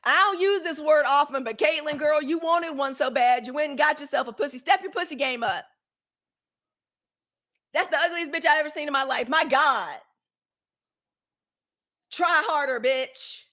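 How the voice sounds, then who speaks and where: A high-pitched woman hosting a live streamed news show, talking in a loose, casual way straight to her audience. She is chatty and outspoken, and she slips easily into blunt, profane rants. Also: moderate pace, long pauses, bright, forceful tone. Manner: chatty, outspoken, addresses viewers as y'all and girl.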